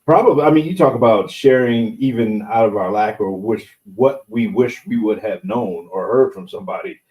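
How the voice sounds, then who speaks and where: A man's voice: on the low side, normal speed, a little mellow, rough recording. A middle-aged man co-hosting a casual talk show, speaking emphatically and often restarting phrases as he builds a point. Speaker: podcast co-host. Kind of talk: casual chat.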